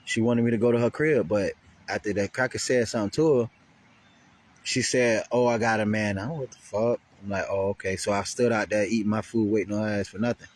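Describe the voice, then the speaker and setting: A man's voice: lowish voice, brisk. A man vlogger telling a rambling, profane story in casual speech heavy with slang.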